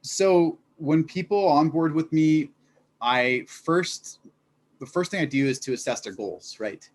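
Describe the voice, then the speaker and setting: A man with a fairly high voice talks at a measured pace as an interview guest and founder of a fitness business. The chat is casual; he's earnest and reflective, and "like" and "you know" pepper his explanations.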